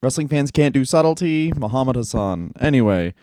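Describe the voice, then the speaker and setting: A man in mid-range pitch co-hosting a comedy podcast, riffing loosely and slipping into quick silly voices. The sound is dry and close, with no room around it. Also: expressive, mellow, no echo. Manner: riffing, jokey, acts out quoted voices. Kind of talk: casual comedic chat.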